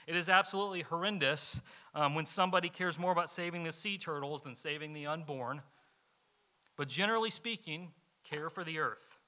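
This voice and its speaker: A man's voice: high-pitched, bright, forceful tone. A male pastor from Kentucky preaching a conversational sermon, often repeating words as he talks.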